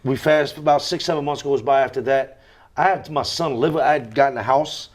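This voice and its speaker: A man's voice: medium pitch, a little fast. A man as a podcast guest, telling his life story candidly and with emphasis, often repeating key phrases and swearing freely.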